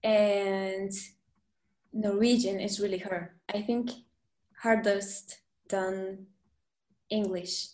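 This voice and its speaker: A woman with a Spanish accent, a Spanish teacher speaking English as a second language as a podcast guest, halting and searching for words with many fillers. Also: mid-range voice, steady tone, darkish tone. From Guatemala. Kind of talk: casual interview chat. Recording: echoey room.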